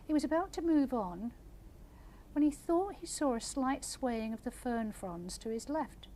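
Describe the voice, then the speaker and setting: An older woman, an author, reading her story aloud in a measured, gentle way and answering audience questions. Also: high voice, expressive, a little hiss or hum. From England.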